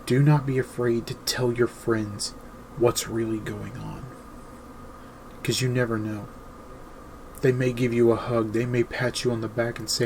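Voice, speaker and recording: A man speaking slowly and deliberately at a middle pitch, delivering an earnest, emphatic advice monologue as host. Faint insect buzz sits in the background. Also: little pitch movement, darkish tone, slight background noise, rough recording.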